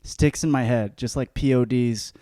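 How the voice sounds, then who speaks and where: A young adult man hosting a podcast, delivering an ironic comedic rant full of swearing, jumping between shouting and muttering. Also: mid-range voice, fairly even intonation, moderate pace, no room sound, studio quality. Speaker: podcast host.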